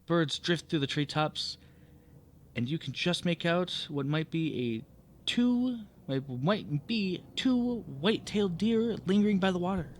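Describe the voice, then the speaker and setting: Playing a solo tabletop game, a man reads the adventure aloud in a high, sing-song voice at a measured pace. He often stumbles, rereads words, and stops to correct his own slips.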